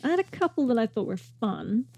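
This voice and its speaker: A woman's voice: on the high side, big pitch swings, brisk, mellow, no room sound. A woman co-hosting a podcast, chatting and quoting favorite lines from a TV episode. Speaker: podcast co-host. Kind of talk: casual chat about a TV episode.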